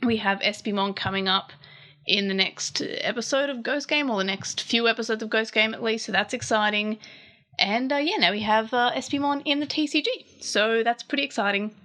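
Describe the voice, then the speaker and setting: A woman's voice: a little high, normal speed, sharp tone. A young woman, chatting casually as a channel host while she translates a comic and thinks aloud.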